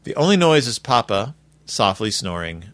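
Sarcastic male host, very animated, bright and dry-sounding. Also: fairly low pitch, normal speed, no echo. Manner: sarcastic, exaggerated, rambling. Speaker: podcast host reviewing a children's book. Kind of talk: comedic book recap.

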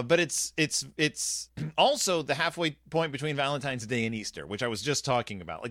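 Chatty man, digressive, animated delivery, dry booth-like sound. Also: on the high side, dry recording. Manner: rambling, digressive, frequent self-interruptions; jokey, conversational asides. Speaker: podcast host reviewing a children's book. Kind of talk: casual chat.

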